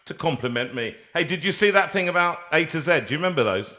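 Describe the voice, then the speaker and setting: A male host with a bright, forward tone, chatting loosely and jokily on a live broadcast. He trails off and restarts his sentences while keeping things light and friendly. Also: fairly high pitch, lively intonation, fast talker. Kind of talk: casual live chat with call-in guest. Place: studio room.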